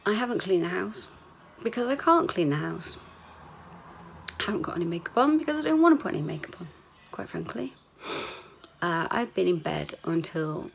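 A woman's voice: fairly low pitch, vocal fry, a little hiss or hum. A woman, rambling candidly in a chatty video diary, sometimes swearing. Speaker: vlogger.

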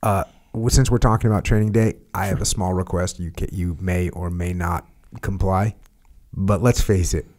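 A man who is a podcast guest, chatting casually with quick teasing questions and reading passages aloud from a book. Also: low voice, fairly even intonation, a little mellow.

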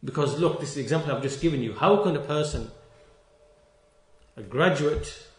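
A man's voice: a little high, normal speed, roomy sound. A man giving a religious lecture, stern and emphatic, repeating key phrases and stretching words for stress. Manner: stern and reproachful toward critics. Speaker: Islamic lecturer.

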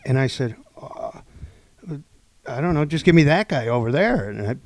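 A man on a podcast telling a long story casually, acting out the people in it and swinging between loud and hushed delivery. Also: medium pitch, moderate pace, no room sound. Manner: animated, acts out quoted dialogue, swings between loud and hushed. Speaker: podcast co-host.

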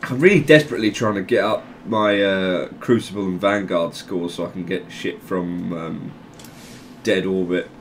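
A man giving casual, rambling commentary over a video game, joking, laughing often and breaking into loud exclamations. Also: sits low, normal speed, a little hiss or hum. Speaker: gameplay commentator.

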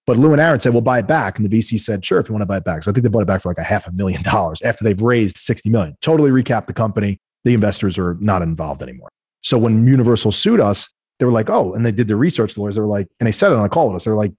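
A man, a guest entrepreneur, telling business stories in a lively, conversational way and acting out the other people in them. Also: on the low side, very fast, breathy edge, no echo. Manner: animated, acts out quoted voices. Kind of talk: conversational storytelling.

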